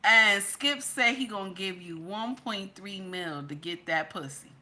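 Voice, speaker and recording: A woman's voice: medium pitch, a little slow, pushed and bright. A woman, commenting casually and emphatically to her viewers, peppering every line with "okay?" and calling them "baby.". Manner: chatty and emphatic, keeps repeating "okay?"; addresses viewers directly as "baby" and "y'all". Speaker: social media commentator.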